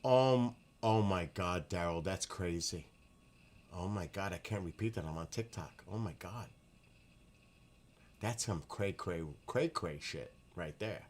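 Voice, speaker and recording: A man hosting a casual livestream from his backyard at night, excitable, exclaiming and laughing often as he reads the chat. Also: low voice, unhurried. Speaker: livestream host.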